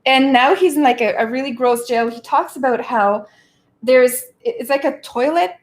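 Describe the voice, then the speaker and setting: A woman's voice: high-pitched, normal speed. A woman hosting a livestream, talking through a history book in a chatty, slangy way with frequent laughs. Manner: chatty and animated, laughs often, slangy asides. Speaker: livestream host. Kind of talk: casual political commentary on a book.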